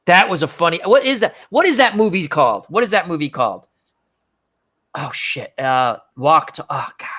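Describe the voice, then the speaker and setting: Bright-voiced man rambling through movie stories. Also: fairly high pitch, expressive, moderate pace. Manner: rambling storyteller, often groping for names. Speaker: show host. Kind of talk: casual chat. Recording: dull lo-fi sound.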